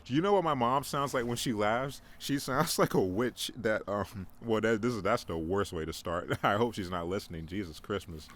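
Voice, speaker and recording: This podcast host is a young man whose voice runs low and fairly bright, moving at a normal speed with few pauses. Alone on a casual show, he rambles, cracks self-deprecating jokes and often starts over mid-thought. There's a faint hiss of background noise.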